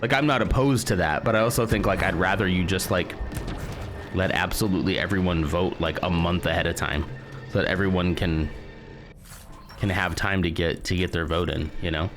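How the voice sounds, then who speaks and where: An American man streaming a video game, chatting casually with viewers and thinking out loud in a hesitant, musing way. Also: low voice, moderate pace, over music. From United States. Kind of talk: casual live-stream chat while gaming.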